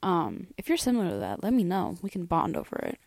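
Tired young woman with a gravelly voice. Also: on the low side, wildly swooping pitch, quick pace, darkish tone, no echo. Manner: chatty, rambling, many fillers and restarts. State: tired, yawning. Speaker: podcast host. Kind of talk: casual personal podcast talk.

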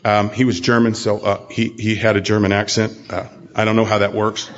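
A man's voice: fairly low pitch, flat delivery, a little fast, muffled recording. Earnest man telling his recovery story. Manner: earnest, plain storytelling, speaks directly to the audience. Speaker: recovery convention speaker. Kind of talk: sharing a personal recovery story. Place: convention hall talk.

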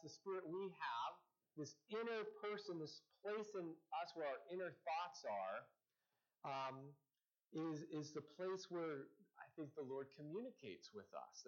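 A man's voice: a little high, highs cut off. A man from the American Northwest giving a casual teaching talk to a group, conversational, with frequent restarts and fillers. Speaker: campus ministry teacher.

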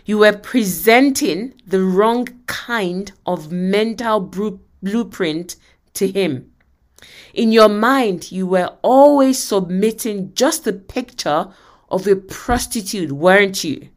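A woman's voice: mid-range voice, animated, slow pace. A woman reading aloud the part of a firm male pastor counseling a mother. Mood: stern. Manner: forceful, emphatic reading.

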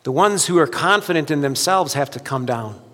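A man preaching a sermon as pastor, swinging between loud urgent preaching and quiet, soft-spoken appeals. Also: fairly high pitch, lively intonation, normal speed, big-room sound, slight background noise.

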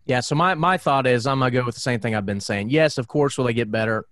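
A man guesting on a podcast, telling crude jokes and rapid stories. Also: mid-range voice, fairly bright tone, no echo, studio quality. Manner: crude, joking, rapid storytelling. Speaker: podcast guest, co-host of another show. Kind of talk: casual podcast chat.

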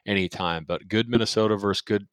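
A man's voice: fairly low pitch, fast talker, fairly bright tone, clean tone, dry recording. A man co-hosting a casual sports betting podcast, joking and rambling with fillers. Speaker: podcast co-host.

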